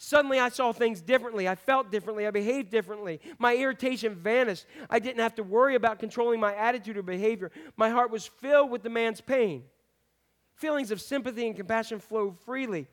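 High-voiced man preaching a sermon. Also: fast talker, fairly bright tone. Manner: conversational preaching, asks the congregation questions. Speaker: pastor.

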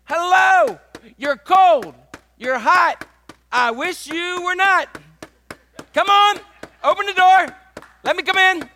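Guy putting on a squeaky pleading jesus knocking on the door, singsong, bright and piercing. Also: slow, pauses often, a little hiss or hum, heavily acted. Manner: singsong repeated calling.

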